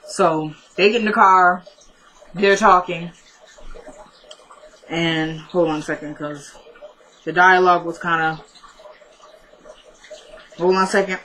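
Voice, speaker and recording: A young woman casually recapping a TV episode, retelling the scenes in quick quoted dialogue. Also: fairly low pitch, steady tone, fairly bright tone, low-quality recording.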